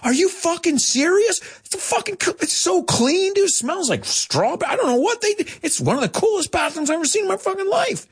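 A man doing a shrill, gushing American guy. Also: sing-song, fairly quick, few pauses, heavily acted. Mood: raving. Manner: loud, gushing, profane. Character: overexcited swearing American man raving.

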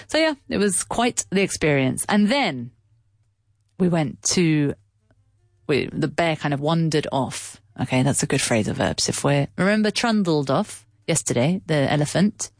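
A woman's voice: low-pitched, lively intonation, normal speed, dry recording, studio quality. A woman telling a story in a casual, chatty way as an English teacher, stopping to explain words as she goes. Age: adult with a child.

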